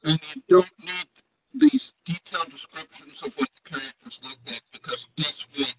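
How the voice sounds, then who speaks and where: A man's voice: fairly high pitch, very animated, moderate pace, a crowd in the background, low-quality recording. A man co-hosting a casual talk show, blunt and emphatic in his points. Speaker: co-host.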